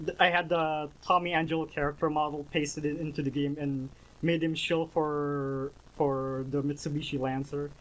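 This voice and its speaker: A man hosting a casual interview, asking eager, halting, fan-like questions. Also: a little high, a bit bright, poor audio.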